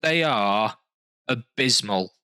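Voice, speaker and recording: A man's voice: fairly low pitch, expressive, slow pace, sharp tone, smooth, dry recording, low-quality recording. A man from London with a London accent, hosting a podcast in casual chat, rambling with restarts and fillers. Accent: London English. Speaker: podcast host.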